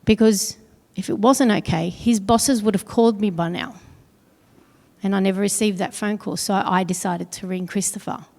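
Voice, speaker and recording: A middle-aged woman telling a personal story on stage at an awards event, earnest and pausing heavily. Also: medium pitch, fairly even intonation, vocal fry, darkish tone. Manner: earnest, heavy pauses, quotes others in dialogue. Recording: long hall reverb.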